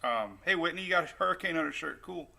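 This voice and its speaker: A man's voice: on the high side, expressive, quick pace, creaky, pushed and bright. A man hosting a casual weather livestream, rambling and upbeat as he chats with viewers. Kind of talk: casual live-stream chat. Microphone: new desktop microphone.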